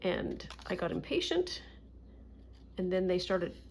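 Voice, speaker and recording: A woman's voice: lowish voice, sing-song, a little slow, gravelly, slight background noise. A woman with a Canadian accent chatting casually and rambling a bit as a crafting vlogger, often self-deprecating. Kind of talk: casual chat while drawing.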